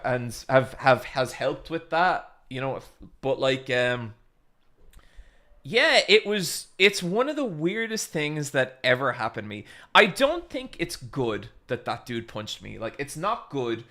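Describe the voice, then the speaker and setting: A man chatting casually on his stream and telling a long anecdote. His voice is bright and forward. He rambles and fills gaps with "like" and "you know". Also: fairly high pitch. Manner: rambling and animated, with swearing and filler words. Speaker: streamer host. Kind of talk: casual storytelling chat.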